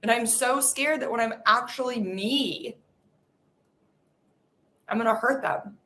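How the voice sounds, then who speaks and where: Slow, bright-voiced woman venting raw feelings. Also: fairly high pitch. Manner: raw, venting inner hurt and frustration aloud. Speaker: podcast host. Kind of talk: guided emotional release exercise.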